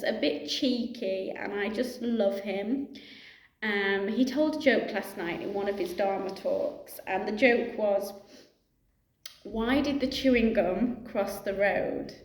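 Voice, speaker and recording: A woman's voice: medium pitch, a little mellow. A middle-aged woman, a yoga teacher, talking casually and reflectively to camera in a chatty way, laughing easily and filling her speech with asides and fillers. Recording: echoey room.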